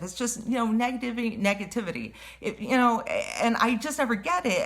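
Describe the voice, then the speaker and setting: A woman telling a personal story in a casual vlog, animated and rambling, full of fillers and restarts. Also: mid-range voice. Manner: says she has a wicked tongue. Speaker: vlogger.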